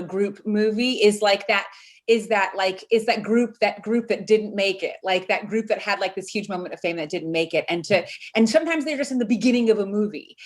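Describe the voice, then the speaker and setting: Woman, guest actor, rambling, laughing, casual chat. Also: mid-range voice.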